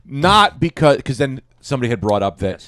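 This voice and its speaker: Comedy podcast co-host, male, energetic storyteller, dry close sound. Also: medium pitch, brisk, no echo. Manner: animated storyteller acting out quotes. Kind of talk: casual comedic chat.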